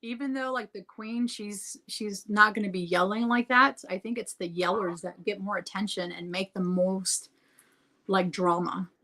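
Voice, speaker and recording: A woman's voice: mid-range voice, fairly even intonation, moderate pace, pushed and bright. A woman who is a guest on a podcast, chatting casually, often stumbling and restarting her sentences, with many uses of "like". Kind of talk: casual chat.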